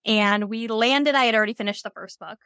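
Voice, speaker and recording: Woman podcaster telling a book story, keen, bit high-pitched, dry mic. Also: a little fast, pushed and bright, smooth, no echo. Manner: storytelling, enthusiastic. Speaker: podcast co-host. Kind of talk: casual book chat.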